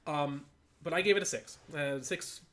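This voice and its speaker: A man co-hosting a casual podcast, opinionated and animated as he thinks aloud about a cartoon. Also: on the high side, normal speed. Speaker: podcast co-host.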